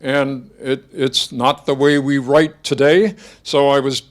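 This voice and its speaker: An older man giving a reflective masterclass talk, thoughtful and halting, with frequent restarts and fillers as he searches for words. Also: mid-range voice, flat delivery. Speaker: guest speaker giving a masterclass. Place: lecture hall before an audience.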